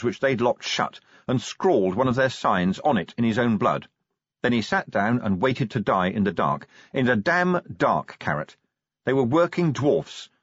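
A man's voice: mid-range voice, breathy edge, no echo, lo-fi sound. A man voicing a fierce young female werewolf sergeant who talks in a clipped, growling way.

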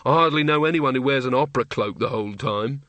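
A man's voice: medium pitch, fast talker, fairly bright tone, no room sound, natural voice. A man voicing a level-headed young woman who speaks bluntly and evenly.

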